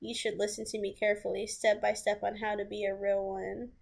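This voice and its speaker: A man's voice: high voice, completely flat delivery, brisk, gravelly. A woman mocking a sleazy, pushy young man. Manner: mocking funny voice.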